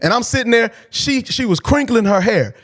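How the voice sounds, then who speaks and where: Podcast host, male, high voice; blunt, profane, animated storyteller. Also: moderate pace. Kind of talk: casual storytelling.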